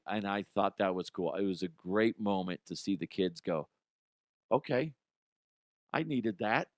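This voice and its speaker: With a fairly low voice on a dry recording, a middle-aged man who hosts a podcast and coaches youth gives a casual monologue. His style is blunt and full of swearing, and he performs quotes with a raised voice.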